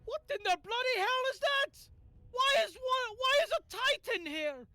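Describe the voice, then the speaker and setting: A man voicing Quinn, a frantic fantasy adventurer, speaking in high, excited outbursts during a tabletop game. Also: normal speed, no room sound, heavily acted. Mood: alarmed.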